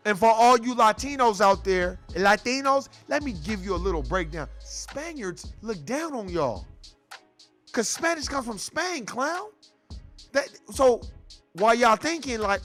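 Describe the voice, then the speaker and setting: High-voiced man ranting, profane and heated. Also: expressive, unhurried, fairly bright tone, soft background music. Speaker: show host. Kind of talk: ranting commentary.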